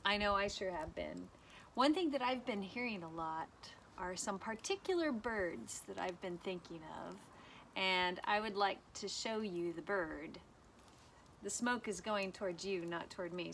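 A woman's voice: mid-range voice, fairly bright tone, a little hiss or hum. A woman teacher giving a cheerful, sing-song lesson to children outdoors by a fire pit, inviting them to repeat after her.

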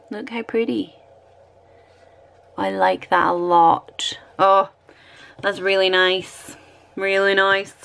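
A woman's voice: medium pitch, little pitch movement, takes it slowly, creaky, long pauses, a bit bright, smooth. A Scottish woman vlogging at home, chatting and thinking aloud while she decorates her planner, often poking fun at herself.

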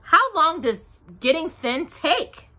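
A woman reading a children's storybook aloud, voicing a simple, gentle male teddy bear who speaks anxiously and plaintively. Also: sits high, very animated, a little slow, voice pushed up, full character voice.

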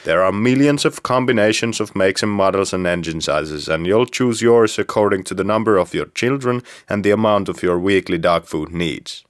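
A man's voice: sits low, normal speed, hardly any pauses. Dry-humored man. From Finland. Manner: dry, tongue-in-cheek. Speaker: car reviewer host. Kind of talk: scripted narration with jokes.

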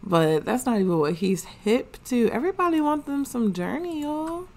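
A woman's voice: fairly high pitch, expressive, moderate pace, darkish tone. A woman, giving slangy, chatty commentary as she plays a life-sim game. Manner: chatty, slangy, narrates characters' thoughts. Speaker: gaming channel host. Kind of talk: casual let's play commentary.

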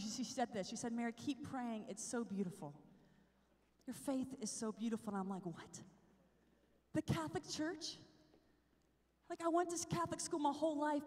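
A young woman giving an animated talk at a youth conference, telling her story, sometimes whispering and sometimes shouting. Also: sits high. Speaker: conference speaker. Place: large hall. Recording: long hall reverb.

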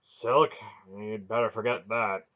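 A man reading an audiobook, voicing a blunt, hoarse male trader loudly and bluntly. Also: fairly low pitch, steady tone, slow pace, lo-fi sound. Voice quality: hoarse, gruff.

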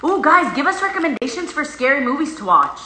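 A woman's voice: sits high, sing-song, fast talker, sharp tone, roomy sound, a little hiss or hum. A young woman chatting with friends on a late-night livestream in a kitchen, teasing them and reading viewer comments aloud. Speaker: friend co-hosting. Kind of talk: casual livestream chat. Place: home kitchen.

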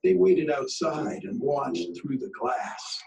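Expressive man reading a picture book. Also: medium pitch, slow, creaky. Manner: expressive, sing-song storytelling. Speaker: teacher. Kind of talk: picture-book read-aloud. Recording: distant mic with faint music.

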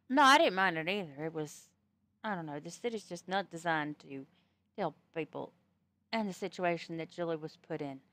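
A woman's voice: on the low side, lively intonation, moderate pace, a bit bright, dry recording. A woman from the US East Coast, streaming a roleplay game and chatting casually, blunt and profane in an easygoing way. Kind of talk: casual chat while playing a roleplay game.

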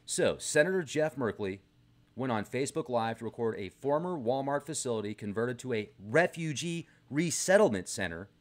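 A man's voice: medium pitch, normal speed. A man vlogging from a garage in a rambling, sarcastic casual rant to camera. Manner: animated, rambling, sarcastic asides.

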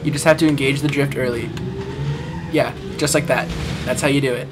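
A man's voice: mid-range voice, fairly even intonation, brisk, heavy background noise. A young man co-hosting a casual gaming session, teasing his friend, swearing freely and laughing often. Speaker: co-host coaching a gaming session. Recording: loud music playing behind.

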